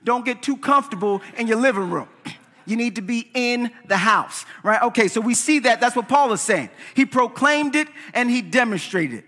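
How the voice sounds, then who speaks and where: A man preaching a sermon in a church, animated, often checking in with "right?". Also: extremely high pitch, normal speed, big-room sound. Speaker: pastor. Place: church sanctuary.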